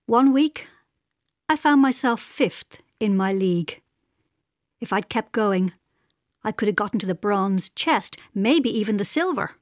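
A woman's voice: medium pitch, lively intonation, a little slow, no room sound, studio quality. A woman narrating a personal essay in a wry, reflective manner.

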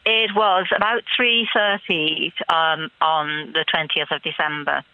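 A woman's voice: sits low, steady tone, a little slow, no echo. A woman in her seventies calling into a radio phone-in. She talks hesitantly, searches for words and laughs often. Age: 70s. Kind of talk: phone-in conversation. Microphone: telephone. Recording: muffled phone line.

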